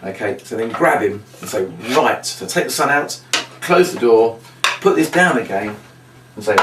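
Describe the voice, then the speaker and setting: A man's voice: medium pitch, lively intonation, normal speed, background noise. A man teaching how to perform a magic and puppet trick, explaining each step and acting out the patter with a bigger voice. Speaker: magic and puppet show instructor. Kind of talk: training demonstration. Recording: roomy echo, mic set far off.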